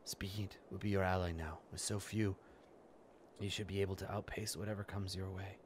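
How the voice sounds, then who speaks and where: A man reading the lines of a solemn female mage in a quiet, measured, grave way. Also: deep voice, level tone, slight background noise, lightly acted.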